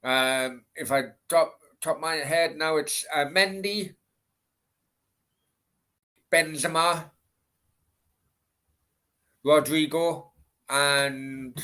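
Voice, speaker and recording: A man's voice: mid-range voice, pushed and bright. A young man streaming a football watchalong, blunt and swearing at players while chatting with his viewers. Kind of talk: live match commentary and chat with viewers.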